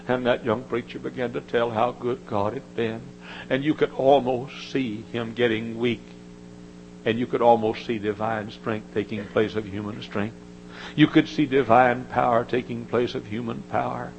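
Older man, sermon, folksy storytelling, gravelly, emotional high-pitched quotes. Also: flat delivery, moderate pace, a little hiss or hum, low-quality recording. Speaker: preacher.

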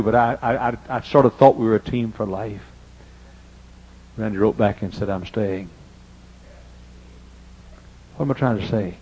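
An older man preaching a sermon in church, telling personal stories and swinging between loud emphasis and hushed asides. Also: mid-range voice, breathy edge, muffled recording. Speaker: pastor. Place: church sanctuary.

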